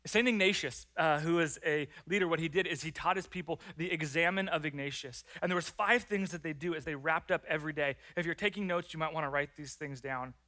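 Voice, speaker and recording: A man preaching a sermon to his church congregation. His voice sits a little high and sounds bright and forceful. He is animated, acting out prayers and everyday complaints in lively voices. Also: fairly quick, few pauses. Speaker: pastor.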